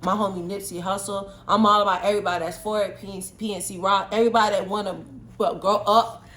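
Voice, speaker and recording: A woman from Atlanta hosting a casual movie review chat, talking in an animated, chatty way. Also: mid-range voice, quick pace, a little hiss or hum. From Atlanta, Georgia. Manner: animated and chatty, often laughing.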